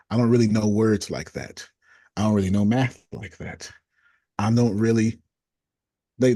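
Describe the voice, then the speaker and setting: A man coaching a group, reading out negative self-talk statements one after another in a deliberate, casual way. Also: lowish voice, mellow, slightly rough, dry recording, studio quality.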